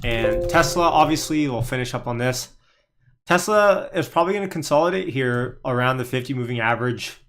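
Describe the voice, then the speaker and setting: A man's voice: medium pitch, lively intonation, a little fast, a bit bright, soft background music. Chatty man doing live stock commentary. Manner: chatty, thinks aloud, answers viewer chat. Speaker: livestream stock trading host. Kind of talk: casual live market commentary.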